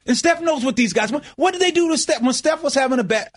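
A middle-aged man, a former player, holds forth on a sports talk show in a high-pitched voice, recorded dry and close. He is emphatic and circles back over his own words, restarting phrases as he pushes his point. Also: expressive, fast, no echo. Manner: emphatic, repeats himself, restarts often. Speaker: former basketball player turned analyst. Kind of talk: animated sports talk banter.

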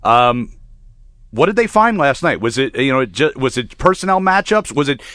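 A man hosting a hockey podcast, asking questions in a halting way with fillers. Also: medium pitch, very animated, fairly bright tone, no room sound, studio quality. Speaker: podcast host. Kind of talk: podcast sports talk.

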